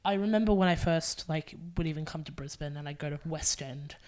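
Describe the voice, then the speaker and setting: A woman's voice: low voice, fairly quick, a little mellow. A woman, a drag performer and podcast guest, telling candid, emotional stories with frequent swearing and laughter. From Australia. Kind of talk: casual interview chat.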